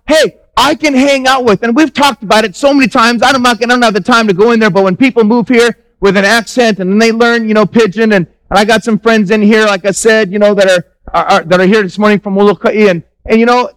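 Brief: male pastor with a high voice, casual but emphatic pulpit delivery, keeps quizzing the congregation. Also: rough recording. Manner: conversational, emphatic preaching with rhetorical questions to the congregation. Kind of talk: sermon. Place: church.

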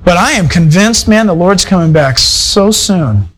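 A man's voice: sits high, lively intonation, measured pace, a bit bright, low-quality recording. A male pastor preaching a sermon in a conversational, folksy way, full of asides to his congregation. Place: church fellowship hall.

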